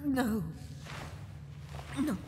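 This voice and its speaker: A woman's voice: high-pitched, extremely slow, noisy background. An actress voicing a grieving young woman in a video game, pleading and tearful, often whispering. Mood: desperate. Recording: game audio with loud music.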